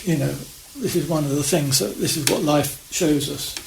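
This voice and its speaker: A Zen priest gives a Dharma talk in a slightly high, gravelly voice, feeling his way through each thought with restarts and trailing fillers. He is recorded in an echoey priory hall, and a faint hiss sits under his words. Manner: halting, many restarts and fillers, reflective.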